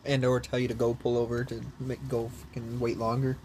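A man's voice: mid-range voice, brisk. Swearing young man telling a story. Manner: animated storyteller, swears a lot, laughs often. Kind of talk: casual chat. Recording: faint background noise.

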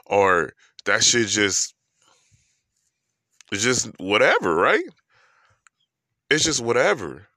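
A man's voice: fairly low pitch, big pitch swings, slow, long pauses, pushed and bright, no echo, studio quality. A man with a New York accent ranting about love in a profane, emphatic monologue full of rhetorical questions.

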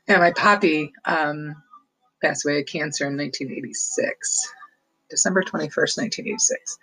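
A woman's voice: low voice, a bit bright, poor audio. Woman, casual vlog storytelling, rambling, laughs as she talks, lots of fillers. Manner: rambling, laughs often, many restarts and fillers. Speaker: vlogger.

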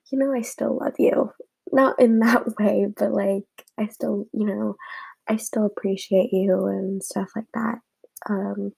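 A young woman rambling through a casual, emotional message to her friends, often dropping her voice low. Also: gravelly, darkish tone, husky, rough recording. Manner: rambling, emotional, drops to a whisper at times.

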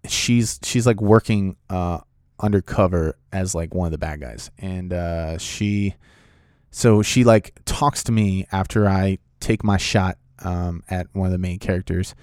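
A man with a fairly low voice tells a movie-set story in a rambling, excitable way, full of fillers and restarts. The sound is close and dry. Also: measured pace, clean tone, no room sound. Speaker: actor telling a set story. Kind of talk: casual anecdote.

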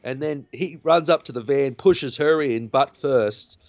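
A man's voice: medium pitch, a little slow, no room sound. Man, podcast host, rambling movie recap, dull lo-fi sound, dry. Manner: rambling retelling with fillers and restarts. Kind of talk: casual film recap chat.

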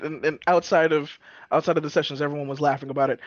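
A man's voice: on the high side, steady tone, quick pace, dry recording. A man chatting casually about his tabletop game character, rambling with restarts, laughing and swearing. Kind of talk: casual podcast chat. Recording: dull lo-fi audio.

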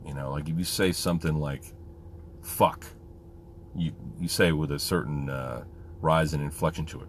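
Very low voiced veteran guy just rambling openly, lots of ums, faint room hiss. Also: fairly even intonation, moderate pace. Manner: candid, rambling, many fillers. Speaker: military veteran. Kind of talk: casual monologue.

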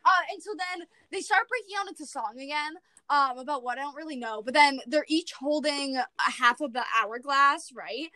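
A young woman with a high, bright voice rambles through a movie recap in casual podcast chat, piling on fillers. The recording is dry and close. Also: moderate pace, dry recording. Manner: rambling, lots of fillers, acts out quotes. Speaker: podcast host.

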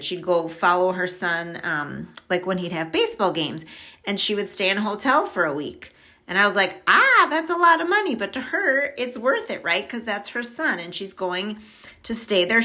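Middle-aged woman, podcast guest, chatty and upbeat, bright edge to the voice. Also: medium pitch. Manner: chatty and upbeat, says "like" often, laughs easily. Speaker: podcast guest on money mindset. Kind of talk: casual chat.

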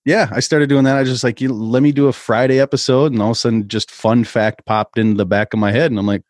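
A man's voice: mid-range voice, steady tone, fast talker, a little mellow, no echo, clean studio sound. A man from Minnesota, a guest on a podcast, chatting casually and telling stories in an easygoing way. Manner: easygoing storyteller.

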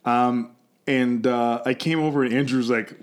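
A man's voice: mid-range voice, fairly even intonation, measured pace. A man hosting a podcast in casual chat, rambling and swearing, often laughing as he talks. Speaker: podcast host.

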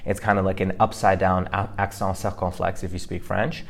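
Low-voiced man explaining Mandarin tones. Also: little pitch movement, brisk, gravelly. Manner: explanatory, with frequent fillers. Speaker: podcast co-host teaching Mandarin. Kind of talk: casual podcast lesson.

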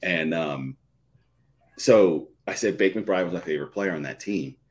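A man's voice: sits low, measured pace. A middle-aged man from the Philadelphia area, a podcast guest telling a personal story in a live chat, repeating and restarting phrases.

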